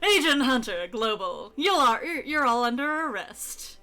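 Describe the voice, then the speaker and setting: Brief: woman as male spy, transatlantic put-on delivery, bright and firm. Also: fairly high pitch, animated, moderate pace, soft background music. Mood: stern. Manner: transatlantic-style put-on diction. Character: male secret agent, stiff and old-fashioned.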